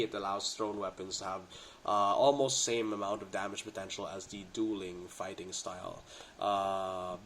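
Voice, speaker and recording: A man with a head cold gives a casual, excitable breakdown of tabletop game rules in slangy gamer talk, recorded on a budget home setup. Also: on the low side, a little hiss or hum. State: congested from a cold.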